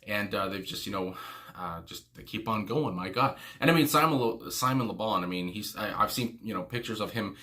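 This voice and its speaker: A man hosting a music reaction video talks a little fast in a low-leaning voice that's bright and forceful. His casual rambling is full of "you know" fillers and exclamations, with "my God" coming up often.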